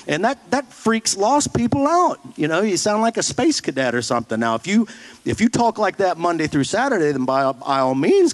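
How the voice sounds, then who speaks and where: A man's voice: a little high, low-quality recording. A man preaching a sermon in a blunt, folksy way, mocking churchy phrases with put-on voices. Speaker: pastor.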